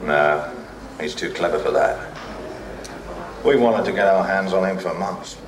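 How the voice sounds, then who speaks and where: An actor playing a brusque, sardonic police inspector. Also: male voice, low voice, a little slow, reverberant, a crowd in the background. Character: gruff, self-assured police inspector, middle-aged man. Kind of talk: television drama acting.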